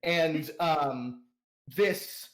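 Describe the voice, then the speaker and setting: A man narrating a tabletop role-playing game as game master, animated and often laughing. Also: a little high, drawn-out words.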